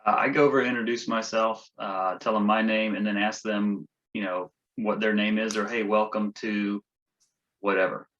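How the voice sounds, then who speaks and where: A man's voice: on the low side, fairly even intonation, fairly quick, hardly any pauses, a bit bright. A man hosting an interview, asking questions in a hesitant way with many fillers. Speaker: chiropractor host. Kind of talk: interview conversation. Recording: dull lo-fi audio.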